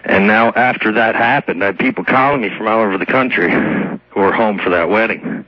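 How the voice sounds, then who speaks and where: A man with a Cape Breton accent calling a radio show, speaking in a halting, earnest, hesitant way. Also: lowish voice, dry recording. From Cape Breton Island, Nova Scotia. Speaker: radio caller. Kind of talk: phone-in conversation. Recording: dull lo-fi broadcast sound.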